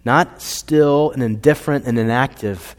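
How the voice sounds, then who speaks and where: Male pastor, mid-pitched, earnest sermon delivery with soft drops, long hall reverb. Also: unhurried. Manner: earnest, building to emphatic peaks then dropping soft.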